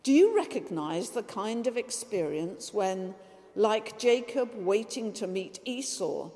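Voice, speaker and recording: A woman preacher giving a measured, reflective sermon that includes a story read aloud. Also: mid-range voice, lively intonation, mellow, in a large hall.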